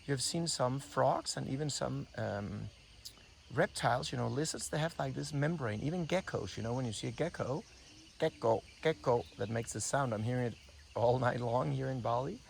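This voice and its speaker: A man giving unscripted, hushed commentary as he films wildlife outdoors on a morning walk, talking to himself with restarts. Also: mid-range voice, moderate pace, creaky. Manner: hushed, wondering, thinking aloud with restarts. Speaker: breathing coach filming wildlife. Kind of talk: unscripted nature commentary while filming. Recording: outdoor insect and bird noise. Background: insects and birds.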